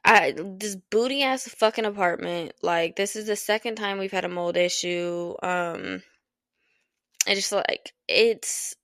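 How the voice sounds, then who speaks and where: Frank, swearing woman with a gravelly fry. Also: lowish voice, fairly bright tone, no echo, clean studio sound. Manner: frank, swears freely, laughs often. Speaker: podcast host. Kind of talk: casual solo podcast chat. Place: at home in an apartment.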